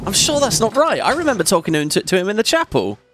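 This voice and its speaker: A man's voice: sits high, wildly swooping pitch, fast, a bit bright, faint music behind. Chatty, rambling let's play host man. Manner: chatty and rambling, thinks aloud, laughs often. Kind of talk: casual gameplay commentary.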